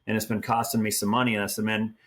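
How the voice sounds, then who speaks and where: A man's voice: on the low side, fast. A middle-aged man from Oregon, a team roper and trainer, telling stories in a casual, folksy way. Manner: folksy, animated storyteller acting out quotes. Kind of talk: casual storytelling.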